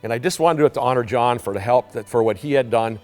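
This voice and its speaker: A man giving a conference talk, telling a story in an animated way, halting often with restarts and repeated words. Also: mid-range voice. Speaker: conference presenter. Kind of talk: storytelling lecture. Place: conference hall. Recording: long hall reverb, faint music.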